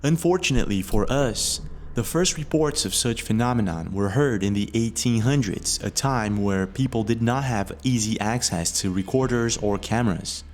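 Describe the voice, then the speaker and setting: A man narrating a mystery video from a script, in a measured storytelling manner with leading questions. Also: lowish voice, slight background noise.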